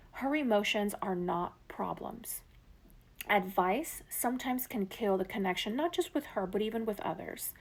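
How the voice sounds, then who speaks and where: Soft-spoken woman with a gravelly edge. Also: mid-range voice. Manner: soft, slow, coaxing delivery with whispered phrases; checks in often with the listener. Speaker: relationship coach. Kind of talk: motivational talk to men.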